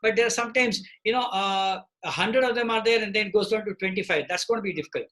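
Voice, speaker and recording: Male trainer on a video call, fairly high and bright voice, keeps tagging "okay?" onto his points. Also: fast, rough recording. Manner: repeats "okay?" to check in with participants. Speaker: presentation trainer. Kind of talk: live online training session. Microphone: computer mic on a video call.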